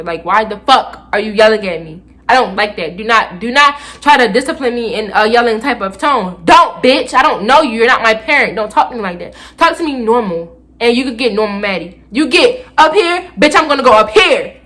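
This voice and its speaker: A young adult woman telling a personal story on her vlog, animated and profane, jumping into loud re-enacted outbursts. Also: mid-range voice, fairly quick, few pauses. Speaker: vlogger.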